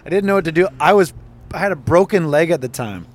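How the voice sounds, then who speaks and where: A man's voice: on the high side, quick pace. Man telling stories with heavy swearing. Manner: animated storytelling, heavy swearing. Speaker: podcast co-host. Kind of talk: casual chat.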